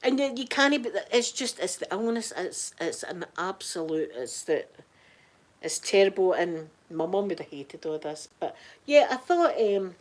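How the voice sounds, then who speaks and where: A woman's voice: on the low side, sing-song, unhurried. A middle-aged Scottish woman chatting casually on a live stream, greeting viewers in the chat by name. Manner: chatty, warm-hearted, reads out chat names.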